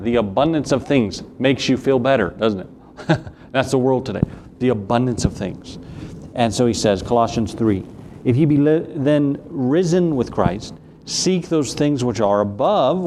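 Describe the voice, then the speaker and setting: A preacher with a Southern US accent speaks at a mid-range pitch, talking to his congregation in a relaxed, folksy way. He reads scripture in old-fashioned King James wording. A faint hum of room ambience sits behind him. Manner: conversational preaching with folksy asides. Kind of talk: sermon.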